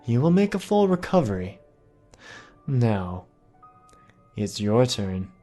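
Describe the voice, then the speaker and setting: A man's voice: medium pitch, sing-song, takes it slowly, dark tone, soft background music, heavily acted. A man voicing a gangly, gleeful blue-skinned creature with pointed teeth, talking slyly as it strikes a bargain. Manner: sly, bargaining.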